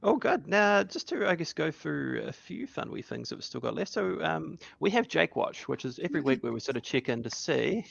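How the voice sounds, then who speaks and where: A man with a New Zealand accent hosting a casual podcast, upbeat and quick to laugh. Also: fairly high pitch, animated, creaky, fairly bright tone, no room sound, highs cut off. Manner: upbeat, laughs often, cheering whoops. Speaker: podcast host.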